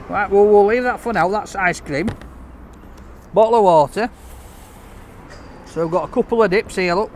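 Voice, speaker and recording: Male food vlogger, jokey and upbeat, slightly high voice, recorded outdoors. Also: normal speed, long pauses, darkish tone, slight background noise. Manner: chatty, enthusiastic, jokey. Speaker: takeaway reviewer. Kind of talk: casual food review vlog.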